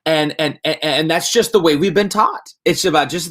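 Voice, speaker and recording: A young adult male pastor giving a casual devotional talk, telling a story with lively, rambling restarts. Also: on the high side, normal speed.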